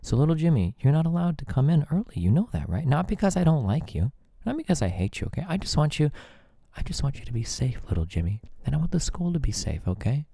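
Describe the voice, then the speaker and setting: A cloying boss, put on by a man, who coos and soothes as if talking to a child. The reassurance comes slow and sing-song, with a lilting rise and fall. The sound is dry and close. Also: a little high, sing-song, vocal fry, mellow, slightly rough, no echo, heavily acted. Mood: syrupy, patronizing. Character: overly soothing, patronizing male boss.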